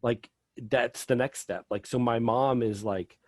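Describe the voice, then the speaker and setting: A man's voice: mid-range voice, steady tone, unhurried, a little mellow, dry recording. A middle-aged man telling a personal story as a podcast guest, rambling with lots of fillers.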